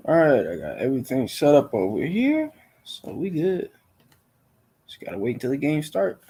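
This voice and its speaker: A young man hosting a live stream, chatting casually with viewers in a relaxed, rambling way full of fillers. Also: a little high, moderate pace, husky. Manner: laid-back, rambling, many fillers.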